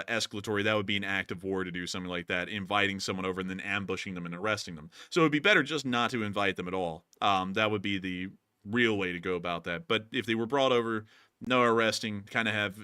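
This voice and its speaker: Bright-toned man hosting a live stream. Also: lowish voice, fast, smooth, no room sound, studio quality. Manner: rambling, filler-heavy, folksy sign-offs. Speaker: live stream host answering viewer questions. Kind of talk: casual live-stream commentary.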